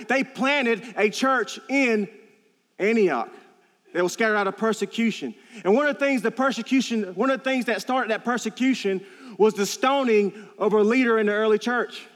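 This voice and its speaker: A man's voice: very high voice, fairly bright tone, long reverb tail. A man preaching a sermon in a church, earnest and storytelling, repeating key phrases for emphasis. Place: church sanctuary.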